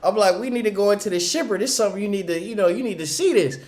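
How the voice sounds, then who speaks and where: A man who runs a small trucking company, telling a story on a casual livestream, animated, laughing often and acting out the people he talks about. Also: high-pitched, racing. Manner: animated, acts out the people in his stories.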